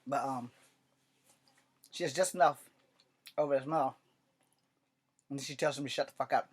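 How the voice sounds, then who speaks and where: A man hosting his own casual vlog, chatting through a story draft in a loose, rambling way. He swears often and speaks at a middle pitch. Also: fairly even intonation, moderate pace, husky. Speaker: writer and channel host.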